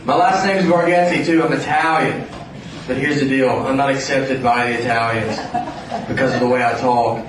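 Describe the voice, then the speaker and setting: Southern comedian, far off in an echoey hall. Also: male voice, medium pitch, moderate pace. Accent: Southern American. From Tennessee. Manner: deadpan, laid-back storytelling. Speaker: stand-up comedian. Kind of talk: stand-up comedy routine. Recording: echoey far-off live recording, very noisy.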